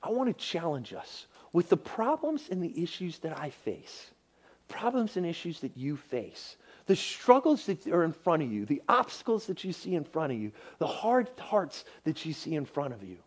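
A man preaching a sermon in a casual, animated way, at times dropping to a near-whisper. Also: on the high side, normal speed, breathy edge. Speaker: pastor.

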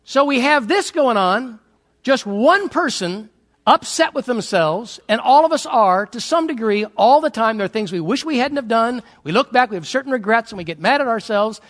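A man's voice: very high voice, normal speed. A man preaching a sermon as a pastor in church, telling stories and acting out family arguments. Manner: animated storytelling, acts out family quarrels.

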